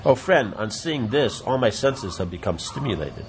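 A man reading the lines of a lovesick young woman, exclaiming and lamenting in his own lowish voice. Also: sing-song, moderate pace, background noise, lightly acted.

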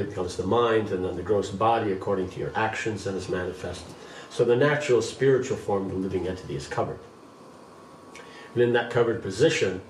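A man leading a scripture class, reading a passage aloud and then explaining it in an unhurried way. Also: on the low side, a little hiss or hum. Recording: roomy, distant mic, faint background.

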